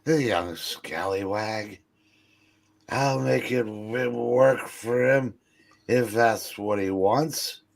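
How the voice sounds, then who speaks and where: A man doing a gruff old miser, gravelly. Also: fairly low pitch, very slow, heavily acted. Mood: scolding. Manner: gruff, scolding. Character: stingy grumpy old male miser. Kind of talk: comic book read-aloud.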